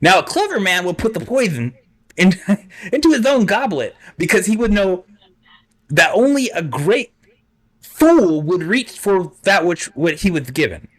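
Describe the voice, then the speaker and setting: Guy doing a high squeaky pompous bald schemer, loud and smug, talks himself in circles. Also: very animated, measured pace, exaggerated voice. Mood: scheming. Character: pompous scheming bald man boasting of genius.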